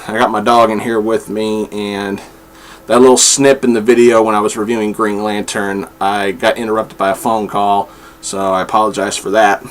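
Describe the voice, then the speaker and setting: A man's voice: lowish voice, flat delivery, moderate pace. A man chatting his way through comic book reviews at home, rambling with frequent fillers and restarts. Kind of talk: casual review vlog. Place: room at home with his dog.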